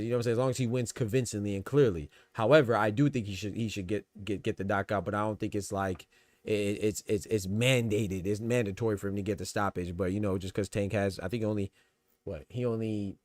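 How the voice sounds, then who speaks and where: A man's voice: on the low side, dry recording. A man hosting a boxing podcast stream, talking casually with many fillers and restarts. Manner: conversational, repeats fillers like "you know what I'm saying", restarts words. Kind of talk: casual livestream commentary.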